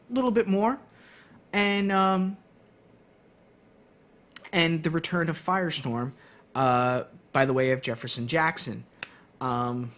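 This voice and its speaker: Chatty, rambling male podcast host. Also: high voice. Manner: rambling, chatty, many fillers. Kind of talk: casual solo stream chat.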